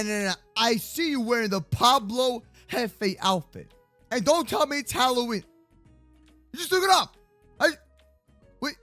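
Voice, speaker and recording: A man hosting a playful Minecraft roleplay video, excitable and joking, full of slang. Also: very high-pitched, unhurried, pauses often, dry recording, soft background music. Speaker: roleplay host.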